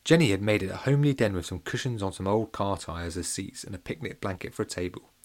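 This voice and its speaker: A man reads a children's storybook aloud with a playful, animated lilt. His voice sits on the low side. He talks straight to his young listeners. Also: fast. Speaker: narrator. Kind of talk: children's audiobook reading.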